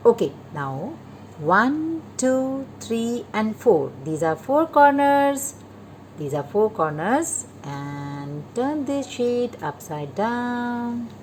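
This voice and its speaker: Very slow, patient woman craft teacher. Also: a little high, sing-song, a little hiss or hum. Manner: patient, repetitive instructions to children. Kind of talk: step-by-step craft tutorial.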